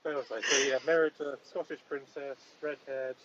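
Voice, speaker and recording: A man's voice: medium pitch, fairly even intonation, a little fast, crowd noise, low-quality recording. A man hosting a comedic podcast in the role of a mock judge, speaking in a mock-stern, bossy and dry way. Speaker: host playing a mock judge.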